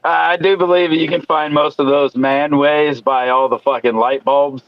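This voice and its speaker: A man's voice: on the high side, steady tone, normal speed, no echo, muffled recording. A man in casual podcast chat, boastful and profane, who laughs easily. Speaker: co-host.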